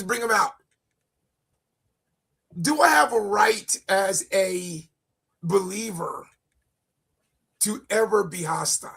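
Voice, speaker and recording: A man's voice: sits high, creaky, fairly bright tone, breathy edge. A man hosting a faith talk show, joking with his co-hosts while steering the conversation back to the topic. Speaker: host.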